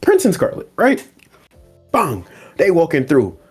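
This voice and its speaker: A man hosts a casual anime podcast, recapping episodes in a fairly high, unhurried voice with a breathy edge over soft background music. His storytelling is animated: he acts out characters' lines and laughs often.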